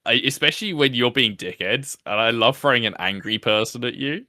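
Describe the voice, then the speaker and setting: A man's voice: mid-range voice, animated, a little fast, bright, forceful tone, no room sound, studio quality. A man, the host of a podcast, chatting casually about his show, self-deprecating and laughing often. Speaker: podcast host being interviewed. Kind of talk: casual chat.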